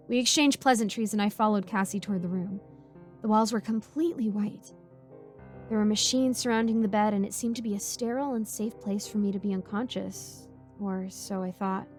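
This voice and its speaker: A woman's voice: mid-range voice, steady tone, brisk. A woman narrating a creepy first-person horror story in a tense storytelling manner. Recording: music bed under voice.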